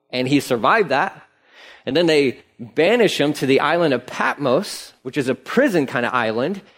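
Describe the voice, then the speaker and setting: A man preaching a sermon in a church, talking conversationally with playful asides. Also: medium pitch. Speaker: pastor. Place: church sanctuary.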